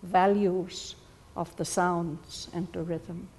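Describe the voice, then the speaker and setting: Woman, study group leader, slow thoughtful delivery, warm mellow tone, long hall reverb. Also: fairly low pitch, flat delivery. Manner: slow, thoughtful, gently explaining. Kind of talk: reflective group discussion.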